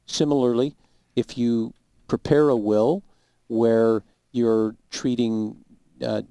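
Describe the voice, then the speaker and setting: A man, a lawyer guest, giving measured, emphatic legal advice on a talk show. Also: mid-range voice, fairly even intonation, warm tone, smooth, dry recording. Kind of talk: explaining law on a talk show.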